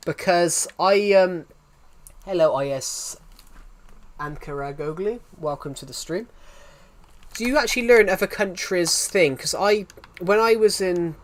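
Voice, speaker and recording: A young British man with a thick regional accent, streaming and chatting casually, rambling and often repeating himself. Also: high voice. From United Kingdom. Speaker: game streamer. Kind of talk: casual livestream chat.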